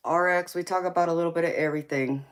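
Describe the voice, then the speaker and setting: She talks fast in a fairly low, steady voice, with background noise behind her. A tarot reader hosting a casual livestream, she has a heavy Southern American accent, teases with plenty of sass, laughs often, and calls her viewers honey and baby.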